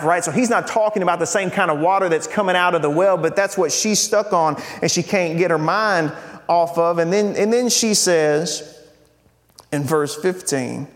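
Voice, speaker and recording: Conversational preacher in a reverberant hall. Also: male voice, on the high side. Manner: conversational, repeats words, rhetorical "right?". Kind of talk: sermon.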